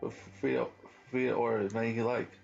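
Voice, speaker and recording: A man's voice: mid-range voice, flat delivery, quick pace, gravelly, a little mellow, highs cut off, faint music behind. Slangy young man commentating a game. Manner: casual slangy banter, laughing at the game. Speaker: gaming channel host. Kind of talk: casual let's-play commentary.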